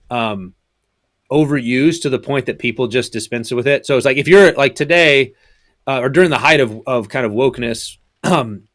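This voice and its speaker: Man guest, pastor type, measured and thoughtful, dry close sound. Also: mid-range voice, fairly bright tone, no echo. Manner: thoughtful, explains in steps with many ums. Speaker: pastor and professor, podcast guest. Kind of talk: casual podcast conversation.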